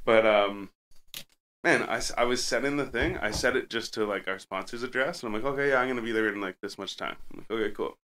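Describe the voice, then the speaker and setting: A man tells a winding story on a casual podcast, racing from one tangent to the next with plenty of swearing. His voice is bright and forward, and the words tumble out quickly. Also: mid-range voice. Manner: rambling, profane, goes off on tangents. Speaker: podcast co-host.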